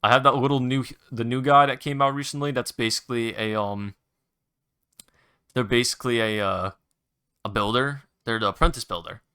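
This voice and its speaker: Young male solo podcast host, bright tone, loose rambling delivery, casual swearing. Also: mid-range voice, steady tone, moderate pace, smooth. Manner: rambling, restarts, mild swearing, enthusiastic recommendations.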